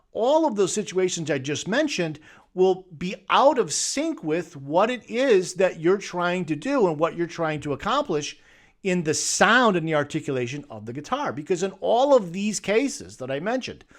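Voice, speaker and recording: A man's voice: high-pitched, a bit bright. Emphatic man teaching guitar technique. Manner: emphatic, debunking myths with rhetorical questions. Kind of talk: instructional talk to camera.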